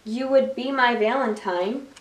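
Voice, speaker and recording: A woman reading picture books aloud to children at library story time in an expressive, sing-song way. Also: a little high, measured pace. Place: public library. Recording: echoey room, mic far off.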